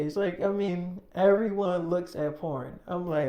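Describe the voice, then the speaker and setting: A man recounting a story in loose, slangy storytime fashion. His voice is mellow and warm. He moves back and forth between narration and the lines he quotes, opening each with "I'm like" or "she's like.". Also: sits high, steady tone, measured pace, roomy sound.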